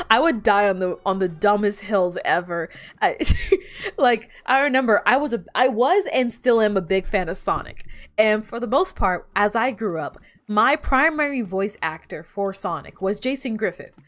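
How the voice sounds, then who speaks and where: A woman's voice: medium pitch, lively intonation, a little slow. A young woman streaming a game, chatting casually, laughing often and swearing as she tells stories. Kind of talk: casual gameplay chat. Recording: faint background music.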